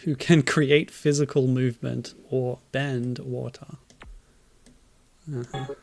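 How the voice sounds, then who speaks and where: A man's voice: medium pitch, flat delivery, slow pace, vocal fry, a little mellow, no room sound. A tired man in casual gameplay commentary, making wry, dry jokes and chuckling at the game. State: tired, low energy. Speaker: streamer.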